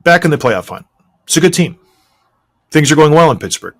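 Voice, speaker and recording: A male podcast host talks hockey with lots of emphasis. His pitch swings widely as he drives his points home. He is a former player and is blunt about it. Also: very animated, brisk. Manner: emphatic, mocking impressions of coaches. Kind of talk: opinionated sports talk.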